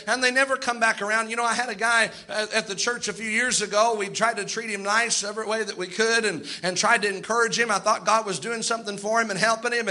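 A man's voice: sits high, pushed and bright. A male pastor preaching a sermon to his church in an emphatic, conversational way, with asides and restarts.

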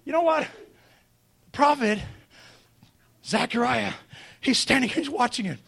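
A man preaching a fervent revival sermon, swinging from shouted climaxes down to low, quiet storytelling. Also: lively intonation, unhurried, vocal fry, breathy edge.

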